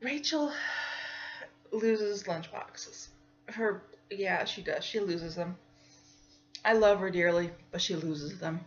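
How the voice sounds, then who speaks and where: A woman's voice: lowish voice, slow pace, pauses often, lo-fi sound. A woman hosting a podcast, telling a story in a chatty, casual way and laughing often. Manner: chatty, laughs often, acts out voices in her stories. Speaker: podcast host.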